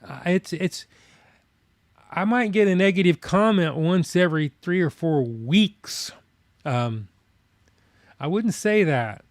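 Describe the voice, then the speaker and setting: A man's voice: high-pitched, lively intonation, takes it slowly, pauses often, no room sound. A man hosting a live stream, chatting casually in a plainspoken, folksy way while he reads viewer comments. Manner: plainspoken, folksy, rambling with fillers.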